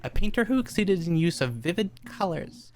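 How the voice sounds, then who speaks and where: Woman playing Sherlock Holmes, lively and lecturing. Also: on the low side. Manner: brisk, lecturing, amused. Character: shrewd Victorian male detective, confident. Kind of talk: amateur radio play acting.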